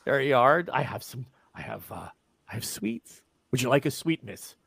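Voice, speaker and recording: A man's voice: sits high, moderate pace, no room sound, full character voice. A man voicing a pushy, chatty traveling tinker who rambles and talks up his wares. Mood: wheedling. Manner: eager salesman, rambling and excitable.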